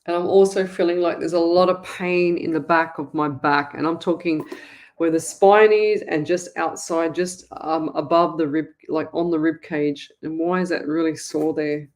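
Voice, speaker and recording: With a low-sitting, darkish voice, steady and at normal speed, an Australian woman hosts a live psychic reading show. Her talk to viewers rambles chattily, full of restarts.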